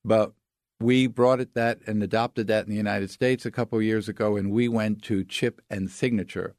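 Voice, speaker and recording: Low-voiced man explaining card fraud. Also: fairly even intonation, normal speed, darkish tone, dry recording, studio quality. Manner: authoritative, explains with step-by-step examples. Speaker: fraud expert guest. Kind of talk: explanatory interview talk.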